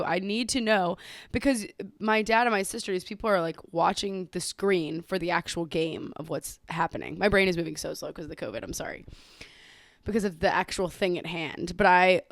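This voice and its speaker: A young Southern-accented woman hosts her podcast, chatting loosely and laughing at herself, a little slowed by a covid bout. Her voice sits on the low side and the recording is close and dry, with no room sound. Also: dry recording. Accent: Southern American. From Southern United States. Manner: giggly, playful, self-mocking. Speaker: podcast host. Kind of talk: casual chatty monologue.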